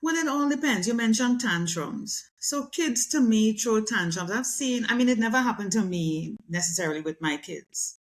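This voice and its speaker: A middle-aged woman speaking as a guest communication specialist in a conversational interview, animated and acting out quoted voices. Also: on the high side, normal speed, hardly any pauses.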